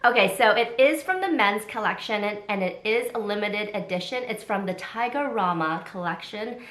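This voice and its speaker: Excited raspy woman with a head cold. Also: medium pitch, normal speed. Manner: chatty and excited, many fillers. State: congested and hoarse from a cold. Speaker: vlogger. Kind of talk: casual unboxing chat. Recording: echoey room.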